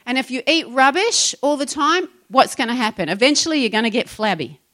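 A woman's voice: high voice, animated, fairly quick, fairly bright tone. A middle-aged woman preaching a sermon, exhorting her congregation with rhetorical questions. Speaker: pastor.

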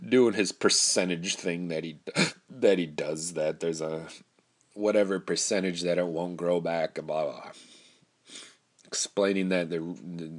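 Very deep-voiced man telling a story. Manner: rambling, candid, with frequent restarts and profanity. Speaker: storyteller recounting personal experience. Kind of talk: casual personal storytelling.

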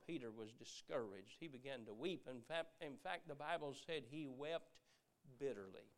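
A middle-aged man preaching a sermon, earnest, repeating words as he goes and dropping from loud emphasis to a hush. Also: fairly high pitch.

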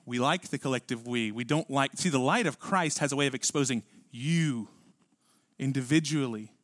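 A man preaching a sermon as pastor, swinging from punchy lines to hushed asides and acting out voices. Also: medium pitch, normal speed, dry recording, clean studio sound. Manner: animated preaching with sudden drops to quiet and acted-out voices.

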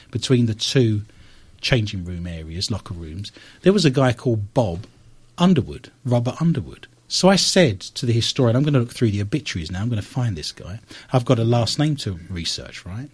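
Animated, husky-voiced male talk show host. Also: lowish voice, fairly quick. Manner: animated storyteller with wry asides. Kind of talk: casual radio talk show chat.

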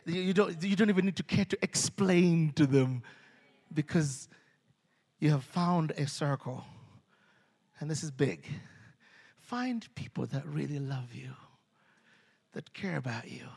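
A man preaching a sermon, animated, acting out voices and swinging between hushed and loud. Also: on the high side, creaky. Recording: long hall reverb.

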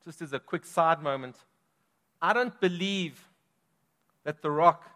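A man's voice: on the high side, measured pace, fairly bright tone. Emphatic male preacher in a big hall. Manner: emphatic, dynamic preaching with strong swells in volume. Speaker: pastor. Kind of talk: sermon. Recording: long reverb of a large hall.

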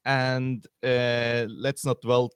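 A man co-hosting a podcast, talking in a measured, reflective, wry way. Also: medium pitch, flat delivery, clean tone, no echo. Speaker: podcast co-host. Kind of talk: casual podcast discussion.

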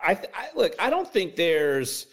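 A man's voice: high-pitched, huge pitch swings, moderate pace, slightly rough. A man who writes about sports, a guest on a podcast, breaking down football in casual chat with many hedges and restarts. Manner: hedging, many fillers and restarts.

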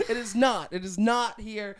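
Rambling young podcast host. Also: male voice, high voice, steady tone, a little slow, a bit bright. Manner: rambling with many fillers and restarts. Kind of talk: casual interview chat.

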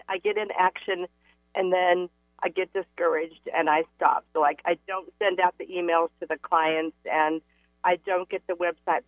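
A woman's voice: mid-range voice, no echo. Hesitant woman caller on a tinny phone line. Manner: hesitant, self-critical. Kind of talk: coaching call conversation.

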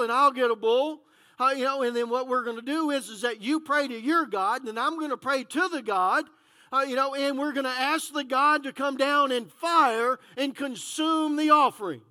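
A man's voice: very high-pitched, sharp tone. A man preaching a conversational sermon as pastor, full of "uh, you know" fillers.

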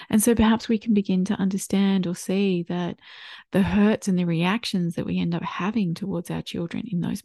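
A woman hosting a solo parenting podcast, speaking in a gentle, reflective way and inviting the listener to imagine. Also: mid-range voice, creaky, breathy edge, no echo, clean studio sound. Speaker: podcast host.

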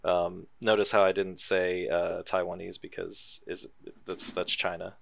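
A man's voice: low voice, level tone, a little slow, gravelly, a bit bright, no room sound. A young man co-hosting a casual podcast chat, talking loosely, swearing and laughing often. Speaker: podcast co-host.

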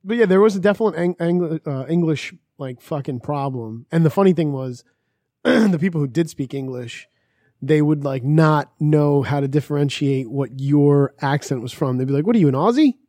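Man, mellow voice, dry close sound, casual crude storytelling, swears a lot. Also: on the high side, normal speed, no echo. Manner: storytelling, laughs often, swears freely.

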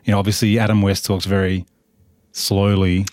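A man's voice: deep voice, level tone, moderate pace, darkish tone, no room sound, studio quality. A man as a guest on a casual podcast chat, musing aloud and often trailing off unsure.

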